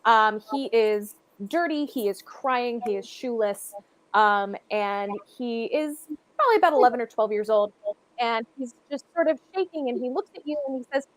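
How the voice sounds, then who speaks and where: A woman's voice: a little high, expressive, normal speed, dry recording. A woman narrating a tabletop game as game master, loose and rambling with many fillers.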